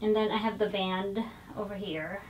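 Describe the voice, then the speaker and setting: A woman's voice: medium pitch, fairly even intonation, moderate pace, a little mellow. A woman hosting a stitching vlog, showing her finished pieces in a chatty, digressive way with frequent fillers and self-corrections. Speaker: flosstube host showing cross-stitch finishes. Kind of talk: casual show-and-tell chat.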